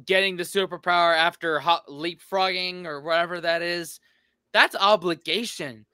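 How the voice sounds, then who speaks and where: A man's voice: high-pitched, normal speed, sharp tone, clear, resonant tone, no echo. An American man chatting casually in an easygoing way while reacting to a clip. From United States. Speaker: video reactor.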